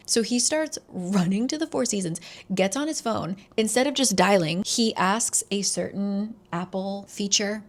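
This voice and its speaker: Book vlogger lady, chatty recap, laughs a lot, swears, mid-pitched voice. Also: normal speed. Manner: animated, laughing, profane.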